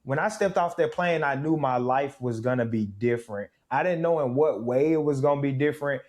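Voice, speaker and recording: A man in his thirties from Mississippi, a guest in an interview, telling his story with reflective, animated energy. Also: medium pitch, brisk. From Mississippi, USA. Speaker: guest, former pro football player.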